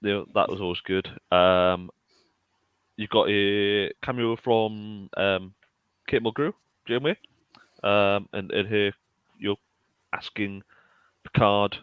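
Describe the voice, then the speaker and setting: A man's voice: on the low side, steady tone, slow pace, pauses often, clear, resonant tone, no room sound, phone-quality sound. A man who is a podcast guest, chatting casually, stammering and poking fun at himself. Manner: stammering, self-mocking. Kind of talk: casual chat.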